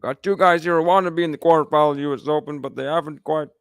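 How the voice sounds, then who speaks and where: A man doing an impression of a brash older male tennis commentator, with a hammy put-on American accent and a booming announcer delivery. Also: fairly even intonation, rapid-fire, smooth, no echo, clean studio sound, natural voice. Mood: hyped.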